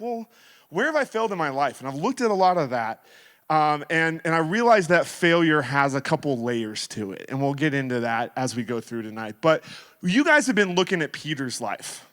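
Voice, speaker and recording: A man in his thirties giving a sermon as guest speaker, telling stories in a playful, animated way. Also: fairly high pitch. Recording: reverberant hall.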